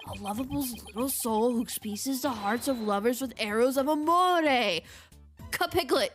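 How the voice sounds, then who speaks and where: A woman's voice: on the high side, moderate pace, faint music behind, close to an everyday voice. Woman doing a wailing lovesick young guy. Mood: boastful. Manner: wailing, overwrought, sobbing. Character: loud lovesick young man, dramatic and whiny.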